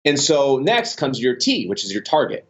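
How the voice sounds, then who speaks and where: Through a muffled recording, a medium-pitched man speaks at a moderate pace as a podcast guest telling business stories. He rambles casually, restarting often and using fillers, and becomes animated in the telling.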